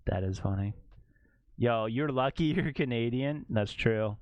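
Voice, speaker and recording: A man's voice: medium pitch, a little slow, a little mellow, smooth, no room sound, lo-fi sound. A man streaming, chatting casually while editing photos, joking and laughing often.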